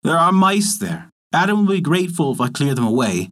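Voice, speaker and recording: A man's voice: on the high side, very animated, fairly quick, a bit bright. A man voicing a sly, peevish female cat in a storybook tale, speaking primly. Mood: scheming.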